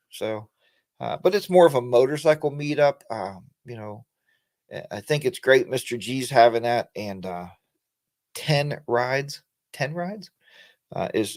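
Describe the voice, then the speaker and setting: A man's voice: medium pitch, darkish tone. A middle-aged man from the United States hosting a casual motorcycle live-stream chat, rambling with lots of fillers and restarts. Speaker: motorcycle channel host.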